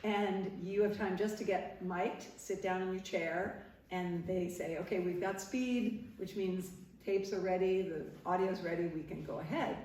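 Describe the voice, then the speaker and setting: A woman's voice: on the low side, fairly even intonation, unhurried, darkish tone, a little hiss or hum. A middle-aged woman from Nova Scotia speaks to a live audience in a parish hall, telling her stories with energy and often laughing. She acts out the voices of the people she quotes. Her voice carries a heavy hall echo and sounds distant from the mic. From Nova Scotia, Canada. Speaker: guest speaker, former TV interviewer. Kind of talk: storytelling talk to a live audience. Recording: echoey hall, voice from far off.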